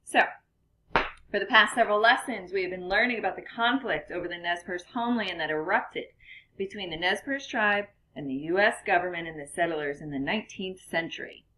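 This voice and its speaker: A young woman teacher walks her students through a recorded lesson. Her voice sits a little low, and she talks in a chatty way with frequent ums and quick self-corrections. She sounds slightly out of breath. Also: bright, forceful tone, slight background noise. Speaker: classroom teacher.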